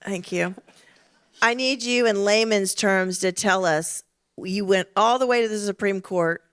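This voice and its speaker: A woman interviewing guests on a conference stage, asking energetic, prompting questions. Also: medium pitch, a little slow, clean tone, no room sound, studio quality.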